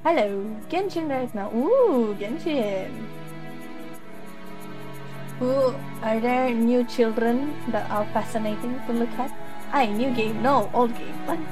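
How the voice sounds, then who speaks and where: A woman live streaming a game, reacting loudly and chatting with her viewers as she plays. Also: a little high. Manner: animated, exclamatory, talks to chat while playing. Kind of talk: live gaming stream chat.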